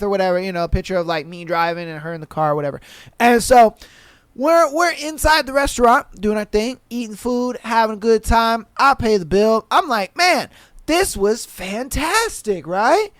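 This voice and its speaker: A man hosting a podcast, telling a story in casual slangy talk, animated, laughing and swearing. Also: sits high, smooth, dry recording. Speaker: podcast host. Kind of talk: casual storytelling and reading listener posts.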